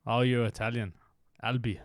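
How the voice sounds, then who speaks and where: A man's voice: medium pitch, flat delivery, moderate pace, no room sound, studio quality. A man streaming a video game live, chatting casually and thinking aloud with fillers, from Australia.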